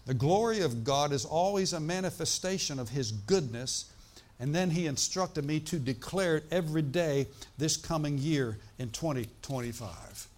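A man preaching a sermon in a conversational way, often asking his congregation "right?" and "amen?", slowing down to stress scripture. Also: a little high, animated. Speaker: pastor.

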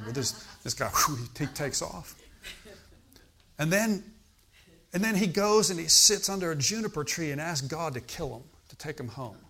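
A man's voice: medium pitch, a bit bright. A male preacher delivering a sermon in a mid-range voice. He talks to the congregation as if in conversation, asks them questions and breaks into emphatic exclamations.

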